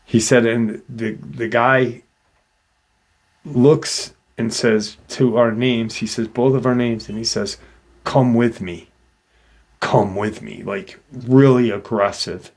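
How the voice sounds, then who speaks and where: A man's voice: mid-range voice, fairly even intonation, slow, darkish tone. A man hosting a paranormal channel, casually retelling a witness's encounter with loose fillers.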